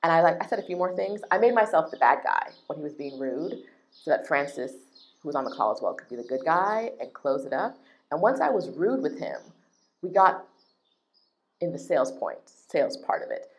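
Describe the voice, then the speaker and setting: A woman with a low-pitched voice rants in a vlog, indignant and emphatic. She repeats her points for effect and keeps the energy of a heated complaint. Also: moderate pace. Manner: animated, indignant, emphatic repetition. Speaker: travel business owner. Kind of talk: ranting vlog.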